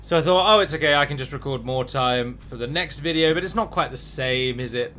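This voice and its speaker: A man's voice: medium pitch, a little fast, fairly bright tone, a little hiss or hum. A man hosting a strategy game let's play, chatty and rambling, with restarts and the odd dramatic flourish. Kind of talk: game commentary.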